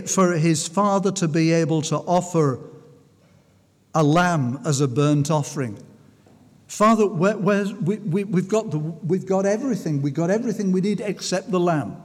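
A man preaching a sermon, often restarting his phrases and slowing down to stress key words. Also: high voice, darkish tone, long reverb tail. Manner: restarts and stumbles, slows for emphasis.

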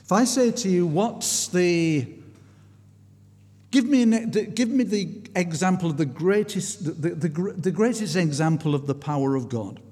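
A man's voice: high voice, expressive, moderate pace, warm tone, slightly rough. Earnest male preacher in a reverberant hall. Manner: earnest storytelling, frequent restarts, rising intensity. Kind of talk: sermon.

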